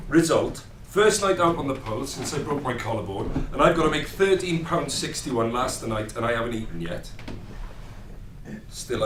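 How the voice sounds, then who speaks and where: A man's voice: medium pitch, noisy background, lightly acted. An actor with a Welsh accent performing a stage monologue as a brash, foul-mouthed young Welshman with wry, swearing asides, recorded from a distance in a room. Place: rehearsal room. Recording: roomy, distant mic.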